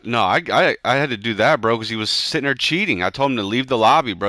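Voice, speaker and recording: A man's voice: fairly low pitch, quick pace, hardly any pauses, dry recording, clean studio sound. Swearing young gamer guy, ranting. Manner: ranting, heavy swearing, "bro" and "dude" filler; jumps to loud excited yelps in tense moments. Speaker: gamer streaming his play. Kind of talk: casual gaming chat with friends.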